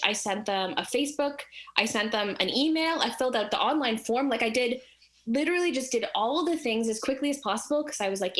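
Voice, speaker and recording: A woman telling a personal story in casual chat, animated and acting out the voices of the people in it. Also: a little high.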